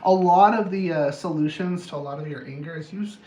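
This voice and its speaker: A man's voice: on the high side, quick pace, a little mellow. Blunt, profane man in an echoey room. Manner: blunt, profane, jokey, self-mocking. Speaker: anger management coach. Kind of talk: casual monologue on camera. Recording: roomy echo, faint background noise.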